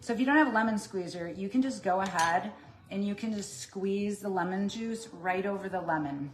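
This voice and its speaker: A woman's voice: medium pitch, brisk, slight background noise. A woman coaching viewers on plant-based eating in a casual cooking livestream, upbeat and chatty while she chops and cooks in a kitchen. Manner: upbeat and chatty, addresses viewers as "you guys"; talks while chopping and cooking.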